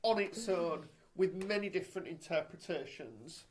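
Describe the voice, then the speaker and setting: A man's voice: fairly high pitch, lively intonation, moderate pace, a crowd in the background. A British man co-hosting a podcast, chatting in a rambling, sarcastic way. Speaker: podcast co-host. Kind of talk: casual chat.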